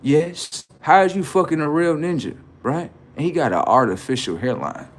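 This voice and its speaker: A man's voice: fairly high pitch, sing-song, moderate pace, slight background noise. Brash man roasting on a livestream. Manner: brash, mocking, riffing with rhetorical questions. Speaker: livestream host. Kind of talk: improvised comedy roast on a livestream.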